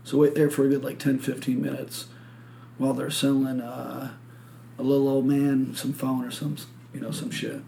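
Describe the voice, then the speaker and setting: A man's voice: mid-range voice, monotone, normal speed, gravelly, dark tone, slight background noise. A man from Michigan hosting a podcast, telling a rambling story full of swearing and acted-out quotes. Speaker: podcast host. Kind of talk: casual chat.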